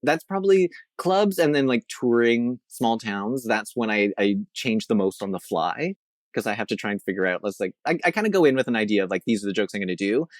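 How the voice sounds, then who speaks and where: A man's voice: lowish voice, lively intonation, a little fast, no room sound, studio quality. A man from Canada, a veterinarian and comedian, chatting as a guest in a rambling, self-mocking way. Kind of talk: casual interview chat.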